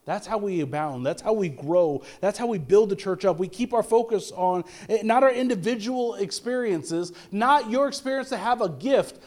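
A man's voice: sits high, a little mellow. A middle-aged man preaching a sermon as pastor, conversational, stammering on restarts and asking rhetorical questions.

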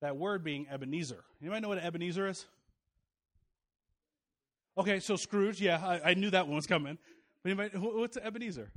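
A high-voiced man in his thirties preaching a relaxed, conversational sermon. He jokes with the congregation and stumbles through restarts and fillers. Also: fast talker, pauses often. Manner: chatty, joking, with many restarts and fillers. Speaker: pastor.

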